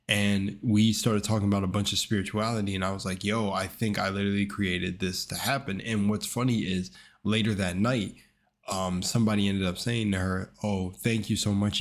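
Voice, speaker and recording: A young man speaks in a fairly low voice, talking straight to his viewers. He rambles and repeats himself as he gets worked up. He swears casually along the way. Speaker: channel host. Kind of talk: casual storytelling to camera.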